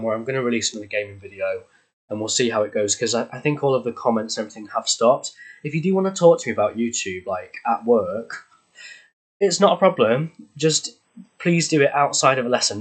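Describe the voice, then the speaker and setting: A young man casually talking over his gameplay footage, rambling and self-deprecating, easily losing his train of thought. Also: medium pitch. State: out of breath. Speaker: gaming channel creator.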